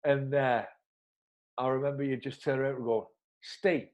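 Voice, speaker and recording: Northern English man in his thirties, podcast co-host, animated and chuckling, mid-pitched voice. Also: moderate pace. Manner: animated, chuckling anecdote telling with northern slang. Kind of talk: casual storytelling chat.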